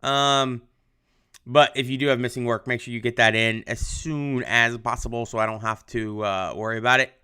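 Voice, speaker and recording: A man's voice: mid-range voice, steady tone, normal speed, bright, forceful tone, clean tone. A young adult male history teacher giving a casual livestreamed lesson, chatty with lots of ums, answering viewer comments. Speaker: high school history teacher.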